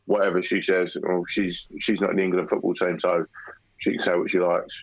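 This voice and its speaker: A man's voice: low-pitched, level tone, brisk, gravelly, husky, no echo, highs cut off. A man chatting casually over a call as co-host, blunt and swearing freely. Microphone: call line.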